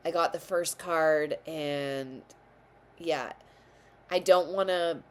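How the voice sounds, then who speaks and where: A woman hosting her own tarot channel, talking to viewers in a meandering, self-correcting way while she has the hiccups. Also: sits low. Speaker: tarot reader and channel host. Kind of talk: casual tarot reading to camera.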